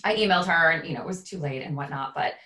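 A woman in her thirties, a podcast co-host, telling a story in a casual, animated way. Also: deep voice, rapid-fire. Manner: animated, acts out quoted voices.

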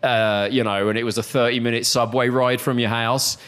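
A man's voice: medium pitch, fairly even intonation, normal speed, fairly bright tone, clean tone. A British man co-hosting a casual chat, telling long rambling stories with many restarts. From Britain. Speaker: podcast co-host.

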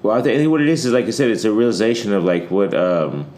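A low-voiced man chats in a relaxed way on a casual podcast, mostly with short replies. The room is echoey, and a faint background noise hangs under his voice. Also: fast. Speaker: podcast co-host. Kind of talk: casual chat.

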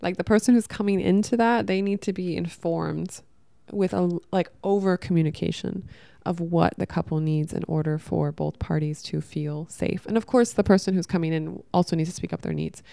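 Gravelly, low-voiced woman telling a story. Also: fairly even intonation, normal speed, dark tone, no echo. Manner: emotional, rambling with restarts and quoted dialogue. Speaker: vlogger. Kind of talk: candid storytelling to camera. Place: at home.

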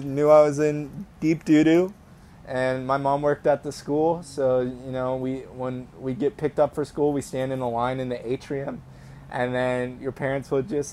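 A man's voice: mid-range voice, a little mellow, slight background noise. Rambling young man telling a story. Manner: rambling storyteller, many fillers and restarts. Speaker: podcast co-host. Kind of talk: casual podcast chat.

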